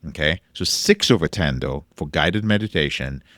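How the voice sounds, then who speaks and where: A man's voice: very deep voice, animated, normal speed, fairly bright tone, no echo, clean studio sound. A man hosting a podcast alone and coaching listeners in recovery, talking emphatically, repeating key phrases and swearing casually. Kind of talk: solo podcast monologue.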